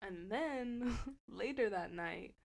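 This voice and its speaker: A young woman co-hosting a podcast, telling a story casually with lots of swearing and loud acted-out quotes. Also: medium pitch, expressive, slow, vocal fry. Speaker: podcast co-host.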